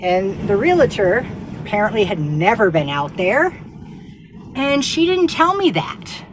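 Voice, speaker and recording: A woman's voice: medium pitch, big pitch swings, unhurried. A woman vlogging casually into her handheld phone from inside a bus home during a sandstorm, chatty and exclaiming, with rambling asides. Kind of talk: casual vlog talk to camera. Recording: storm noise around the bus.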